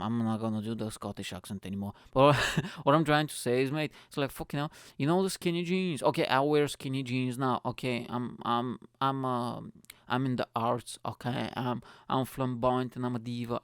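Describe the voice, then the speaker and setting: Excitable, foul-mouthed podcast host. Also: male voice, mid-range voice, clean tone, no echo. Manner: excitable and profane, laughs at his own jokes. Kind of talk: casual solo podcast monologue. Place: attic room at home.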